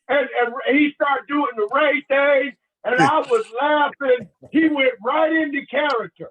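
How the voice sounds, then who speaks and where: Male motivational speaker, high voice, preacher-style delivery with call and response, heard over a tinny phone-quality line. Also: a little slow, few pauses. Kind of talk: motivational talk.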